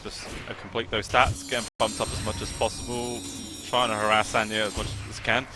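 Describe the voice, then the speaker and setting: A man calling a live esports match as the play-by-play caster. He talks excitably and jumps up sharply in pitch when the big plays land. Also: brisk, music in the background.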